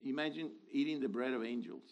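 A man in his sixties preaching a sermon, animated, dropping to low asides and rising to loud exhortation. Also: quick pace, creaky, muffled recording.

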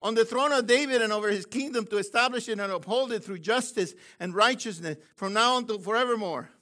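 An older man teaching from the Bible in an excited, exclamatory way, with bursts of shouting. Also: high voice, brisk. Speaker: preacher.

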